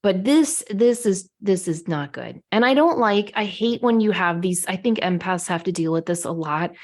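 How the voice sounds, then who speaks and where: A woman's voice: mid-range voice, lively intonation, normal speed. A woman co-hosting a podcast, telling stories in an indignant, opinionated way during casual chat. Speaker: podcast co-host.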